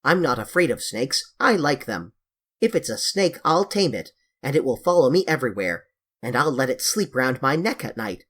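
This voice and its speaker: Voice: medium pitch, very animated, normal speed, a bit bright. An audiobook reader voicing a bold, know-it-all older boy who talks in a brash, teasing way.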